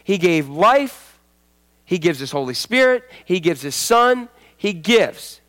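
A man's voice: high voice, big pitch swings, slow, fairly bright tone. A male pastor giving a folksy sermon, repeating phrases for emphasis and telling homely stories.

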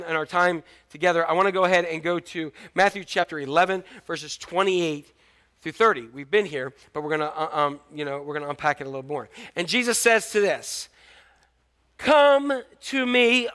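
A man preaching a sermon as a church pastor, lively and joking, with his voice often jumping up for emphasis. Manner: lively preaching, jokes, sudden rises in pitch and loudness.

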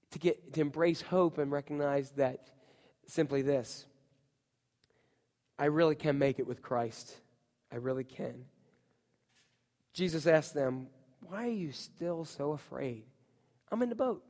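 A man preaching a sermon, telling the story in an animated way with voices, swinging from loud outbursts to hushed lines. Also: on the high side, in a large hall. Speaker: pastor.

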